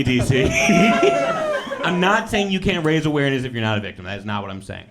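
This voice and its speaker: A man performing stand-up comedy in a casual, animated way, laughing between his lines. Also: mid-range voice, noisy background.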